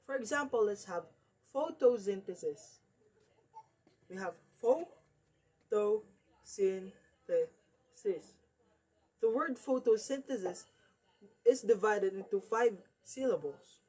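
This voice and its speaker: A woman's voice: mid-range voice, expressive, measured pace, pauses often, darkish tone, husky. A woman presenting a lesson strategy, repeating example words after breaking them into parts.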